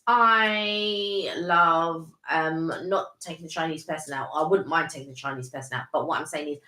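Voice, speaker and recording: A woman's voice: deep voice, normal speed, sharp tone. A woman co-hosting a casual live stream, chatting enthusiastically with many restarts. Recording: echoey room.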